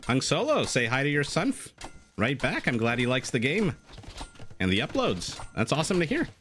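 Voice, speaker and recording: A man's voice: mid-range voice, big pitch swings, normal speed, fairly bright tone, a little hiss or hum. A man casting a strategy game live, chatting jokily with his chat and wandering off on tangents. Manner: chatty, jokey, digressive, reads out chat messages. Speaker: game caster.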